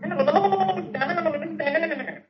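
A man voicing an easygoing young army private with a whiny, drawn-out voice, reading a comic strip aloud on an old radio broadcast. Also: extremely high pitch, sing-song, muffled recording, loud music behind the voice, pitched above the performer's own voice. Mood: calling out.

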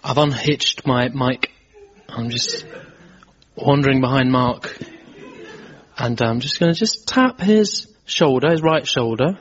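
A man doing deadpan comedy banter as a sidekick on stage. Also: mid-range voice, slow pace, pauses often, breathy edge. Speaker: sidekick performer. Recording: lo-fi live recording with audience laughter. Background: audience laughter.

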